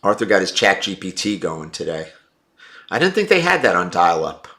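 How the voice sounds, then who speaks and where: A man's voice: deep voice, big pitch swings, normal speed, sharp tone. A man hosting a livestream, reading viewer comments and giving blunt, opinionated takes. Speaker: livestream host.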